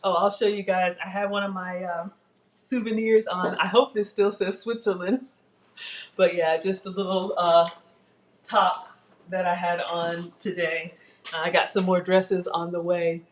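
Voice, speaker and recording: A woman's voice: fairly low pitch, steady tone, a little slow. Middle-aged woman, cooking livestream host, chatty, reads comments aloud, home kitchen, faint background noise. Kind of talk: casual livestream chat.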